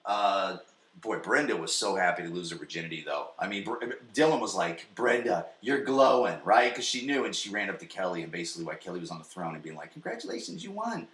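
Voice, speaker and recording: A man in his forties hosting a podcast from his basement, recapping an episode in a rambling, profane, excitable way. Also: low voice, fast talker, roomy sound. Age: 40s. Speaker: podcast host. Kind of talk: casual solo recap. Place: home basement.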